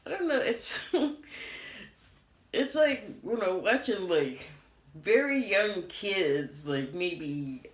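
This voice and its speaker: An American woman giving a casual TV review, rambling and laughing often. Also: lowish voice. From United States. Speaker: TV critic. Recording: roomy echo.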